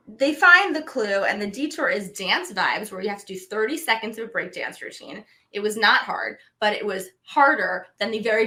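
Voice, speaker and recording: Chatty bright-voiced woman podcast host. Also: medium pitch. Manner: chatty, animated recapping. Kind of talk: casual chat.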